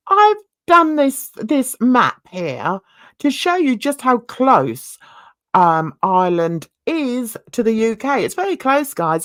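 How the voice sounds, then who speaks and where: A woman's voice: medium pitch, no echo, clean studio sound. A woman talking casually to her viewers in a chatty, rambling way, full of asides and questions to her audience. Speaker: YouTube commentator. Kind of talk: casual chat to camera.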